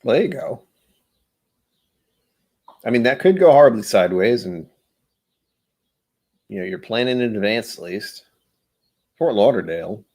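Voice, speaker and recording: A man's voice: lowish voice, animated, unhurried, long pauses, a little mellow. A man hosting his own vlog, rambling through casual solo musings with self-deprecating humor. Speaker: vlog host.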